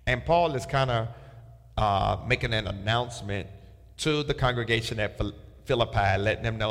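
A man with a fairly low voice teaches through a Bible passage verse by verse. He reads each line and then tells the class what to underline, circle or highlight. His voice rings out with a long hall reverb. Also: normal speed, a bit bright. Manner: reads scripture aloud with marking instructions. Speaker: pastor.

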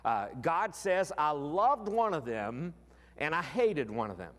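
A man preaches in a lively, rising and falling voice, often slowing right down on the words he wants to land. His slightly high voice carries a long reverb that trails after each phrase. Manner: expressive, slows down for emphasis. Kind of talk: sermon.

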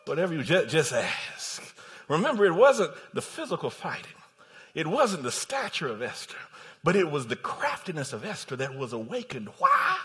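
A man preaching a sermon, telling the story in animated bursts that swing from shouts down to hushed tones. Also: a little high, normal speed.

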